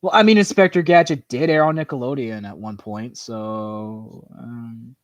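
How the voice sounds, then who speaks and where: A livestream host chats casually in response to viewer comments, his medium-pitched voice tired and turning hoarse. He rambles, saying "like" and "you know" constantly and letting out quick laughs, and the sound has no echo.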